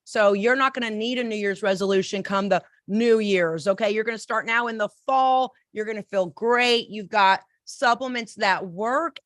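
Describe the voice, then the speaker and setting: Bubbly high-voiced woman host. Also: a bit bright, no room sound. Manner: enthusiastic and effusive, fast bursts. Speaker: podcast host and coach. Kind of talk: casual live-stream chat.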